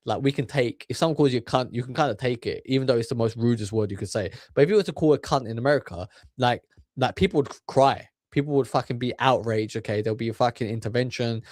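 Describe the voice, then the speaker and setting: A man's voice: medium pitch, fast talker, a little mellow, dry recording, clean studio sound. A man ranting in crude, swear-filled commentary, stacking up filler words as he goes. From England. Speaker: commentary channel host.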